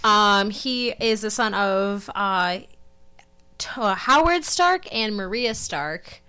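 A woman's voice: mid-range voice, lively intonation, slow pace, bright, forceful tone, clean tone. A woman co-hosting a podcast in casual chat, rambling with asides and laughing often. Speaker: podcast co-host.

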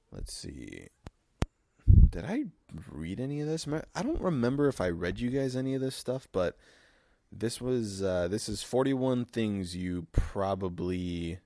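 A young man hosts his own podcast alone, rambling crude and sarcastic with plenty of swearing. His pitch jumps around a lot as he talks. The sound is dry and close, with no room echo. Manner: crude, sarcastic, profane, swings into mock shouting. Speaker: podcast host. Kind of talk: solo comedic podcast rant.

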